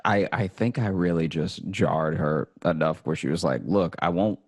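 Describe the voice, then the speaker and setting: A man's voice: low-pitched, moderate pace. A man casually telling a funny story in conversation, acting out quotes and laughing as he goes. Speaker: storyteller guest.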